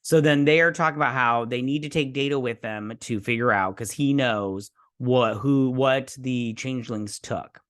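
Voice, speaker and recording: A man of ordinary pitch talks through an episode in a loose, rambling recap, stumbling over fillers and acting out the characters' lines in his own voice. The sound is dry and close, with no room around it. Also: normal speed, hardly any pauses, fairly bright tone, clean tone, no room sound. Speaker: show host reviewing an episode. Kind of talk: casual recap and review.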